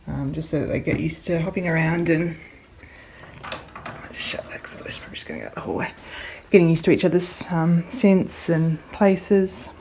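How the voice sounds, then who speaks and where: A woman vlogging at home, talking gently to her dog and rabbits in a coaxing voice that often rises into a soft high baby voice. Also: a little hiss or hum. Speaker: pet vlogger. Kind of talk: casual vlog talk to pets. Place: home room with pets.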